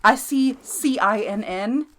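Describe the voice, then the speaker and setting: A woman's voice: a little high, slow. A woman from Texas with a Texan accent, co-hosting a podcast in casual chat, giggly and exclamatory. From Texas, USA. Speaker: podcast co-host.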